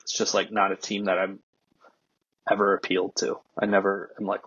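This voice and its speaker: A man's voice: low voice, completely flat delivery, brisk, a bit bright, husky, no room sound, highs cut off. A young man guesting on a podcast, chatting wryly about sports betting and musing aloud with questions. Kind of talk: casual sports betting chat.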